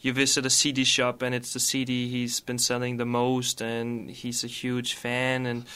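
Man with a bright, smooth voice. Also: medium pitch, monotone, normal speed. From Denmark. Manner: rambling, filler-heavy, laughs easily. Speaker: musician guest. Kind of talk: casual interview chat.

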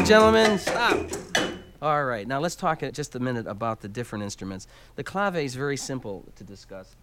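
Man teaching percussion over loud noise. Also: medium pitch. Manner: explains step by step, counts out beats aloud. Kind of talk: instructional demonstration.

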